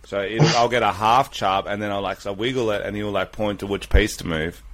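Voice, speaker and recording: A man with an Australian accent co-hosting a podcast, trading crude jokes in a deadpan casual way. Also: on the low side, fairly quick. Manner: joking, deadpan crude banter. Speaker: podcast co-host. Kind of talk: casual chat.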